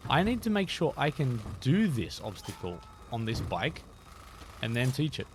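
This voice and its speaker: Lively-pitched male game streamer. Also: normal speed, a little hiss or hum. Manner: chatty, self-deprecating, thinks aloud. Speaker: game streamer and tutorial host. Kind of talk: live-streamed gameplay tutorial.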